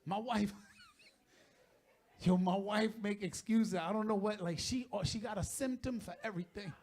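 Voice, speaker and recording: A middle-aged man doing a stand-up comedy set on stage, profane and shouting out his punchlines. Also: high-pitched, unhurried.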